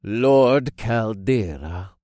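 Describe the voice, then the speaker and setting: A man's voice: lowish voice, animated, warm tone, no room sound, clean studio sound. A man voicing Lord Caldera, an ominous middle-aged male cult leader in an audiobook. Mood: submissive. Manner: slow and ominous.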